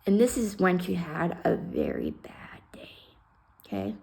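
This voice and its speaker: A woman's voice: lowish voice, wildly swooping pitch, measured pace, vocal fry, dark tone, rough recording. A woman casually telling a personal story on her vlog, blunt and heated, swearing freely and sometimes dropping almost to a whisper.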